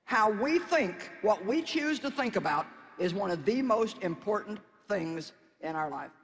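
A man's voice: sits high, lively intonation, measured pace, fairly bright tone, in a large hall. A man preaching a sermon in a folksy, conversational way, with emphatic exhortations.

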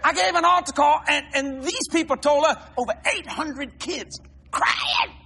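An American man preaching a sermon, telling stories in an animated way, shouting and laughing as he goes. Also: very high voice, unhurried, slight background noise. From United States. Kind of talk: storytelling sermon.

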